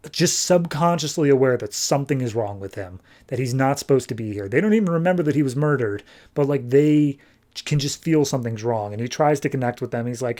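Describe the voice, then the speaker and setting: A man hosting a podcast, casually recapping a comic book and voicing the characters' lines as he goes. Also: mid-range voice. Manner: animated retelling with quick voiced asides for characters. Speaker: podcast host.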